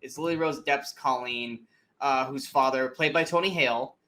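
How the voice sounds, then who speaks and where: A man's voice: mid-range voice, moderate pace. A man co-hosting a casual movie review podcast, ranting animatedly and swearing freely as he picks a film apart. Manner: animated, profane ranting with mocking asides. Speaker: podcast co-host.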